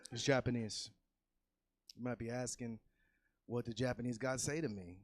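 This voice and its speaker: A man doing a loose, profane stand-up set on a comedy club stage, swinging from easy chatter into loud yelled bits. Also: medium pitch, fairly even intonation, normal speed. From California.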